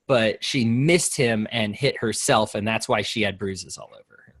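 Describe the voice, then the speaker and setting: A man's voice: on the low side, moderate pace, a bit bright, no echo. A man with a nasal voice co-hosting a casual political podcast, commenting with hesitant restarts. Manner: reads quotes aloud, then comments with hesitant restarts. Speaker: podcast co-host.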